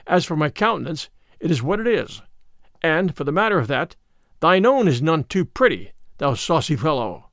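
A man's voice: a little high, big pitch swings, moderate pace, a bit bright, dry recording, clean studio sound. A man voicing a bold, stubborn tanner who answers threats with defiant old-fashioned speech.

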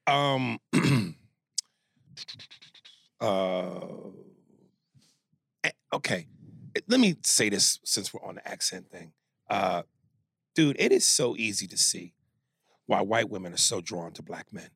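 Gravelly, husky man joking crudely. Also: fairly low pitch, expressive, slow pace, pauses often, a bit bright, no room sound. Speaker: podcast co-host. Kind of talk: casual chat.

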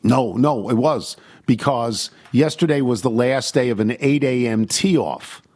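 A man's voice: mid-range voice, unhurried, darkish tone. An older man hosting a talk show, chatting casually and telling rambling, self-deprecating stories. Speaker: host. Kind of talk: casual chat.

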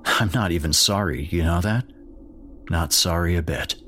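A man voicing a bitter, angry middle-aged father who shouts and curses in a spoken horror story. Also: deep voice, moderate pace, slight background noise.

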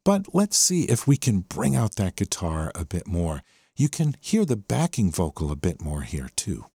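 With the rock song playing beneath him, a male host walks through its parts like an eager teacher in this explanatory music commentary. He speaks low and warm with vocal fry, his pitch swooping wildly at a moderate pace.

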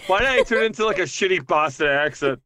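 A lively woman guest on a podcast who jokes and swears freely in loose, casual chat. Her voice is bright and forceful. The close mic keeps the sound dry and free of any room. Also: on the low side, quick pace, no room sound. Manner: animated, joking, swears freely.

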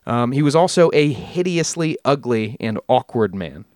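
A man hosts a casual storytelling podcast, his voice sitting in an ordinary middle pitch. He rambles, corrects himself and drops jokey asides. The sound is dry and close to the mic. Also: lively intonation, normal speed, a little mellow, no room sound. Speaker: podcast host.

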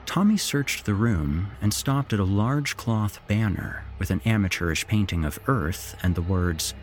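A man hosting a horror podcast, reading a story in an expressive, unhurried narration. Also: low voice, faint music behind.

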